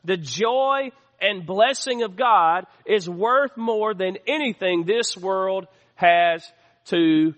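A man's voice: high-pitched, takes it slowly, fairly bright tone. A man preaching a sermon as pastor, calling out to the congregation for responses as he teaches. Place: church sanctuary. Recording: long hall reverb.

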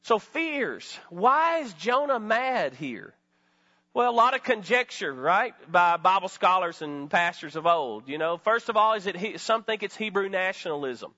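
High-voiced pastor guy preaching, asks the church stuff, sharp bright tone. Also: very animated, unhurried, highs cut off. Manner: preachy, rhetorical questions, call-and-response with congregation. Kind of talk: sermon.

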